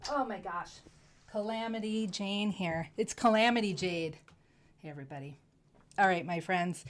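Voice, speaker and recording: A woman hosting a live jewelry sales stream, gushing effusively over each piece and dropping into soft asides. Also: mid-range voice, measured pace, pauses often. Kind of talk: live shopping stream presentation.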